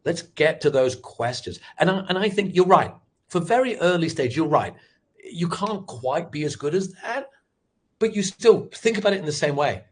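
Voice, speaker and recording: A middle-aged man giving a candid, animated webinar talk on pitching, full of restarts as he tells his story. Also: normal speed, husky. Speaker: sales expert and former startup founder.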